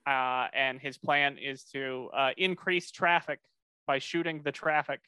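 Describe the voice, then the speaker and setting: A man's voice: medium pitch, level tone, a little slow, sharp tone, clear, resonant tone, no echo. A man co-hosting a casual podcast, recapping a cartoon episode in a rambling way with many fillers and restarts.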